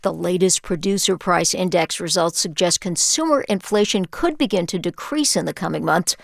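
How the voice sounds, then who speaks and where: A woman newscaster reading the news in a formal, steady manner. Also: on the low side, normal speed, creaky, no room sound, clean studio sound.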